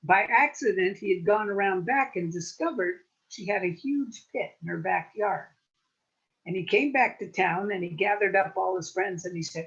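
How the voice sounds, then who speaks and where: A woman storyteller telling a playful folk tale with lively wordplay at a story swap. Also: medium pitch, moderate pace, dull audio.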